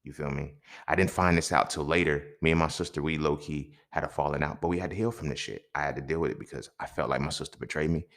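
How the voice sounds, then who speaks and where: A man's voice: a bass voice, steady tone, fast talker, few pauses, fairly bright tone. A young man and podcast host telling a personal story in an emphatic, profane way, often checking in with his listeners.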